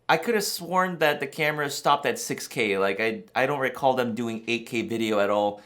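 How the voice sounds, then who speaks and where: A man hosting a camera vlog talks in a rambling, excitable way, often laughing in disbelief. His voice sits at an ordinary mid pitch. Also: moderate pace, hardly any pauses. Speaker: camera channel host. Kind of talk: excited casual reaction vlog.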